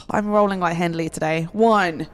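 A woman's voice: on the low side, fairly even intonation, takes it slowly, a little hiss or hum. A woman playing in a tabletop role-play game, eager and bold, laughing often. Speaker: player.

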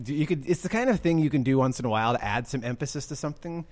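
A man co-hosting a casual podcast chat, relaxed and agreeable. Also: a little high, fast, hardly any pauses, crowd noise. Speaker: podcast co-host.

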